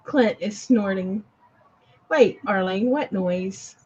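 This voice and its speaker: Slow-talking giggly woman, muffled stream. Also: medium pitch, noisy background. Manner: giggly, laughs often. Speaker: live stream co-host. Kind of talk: casual chat, reading out viewer comments. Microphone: online streaming call.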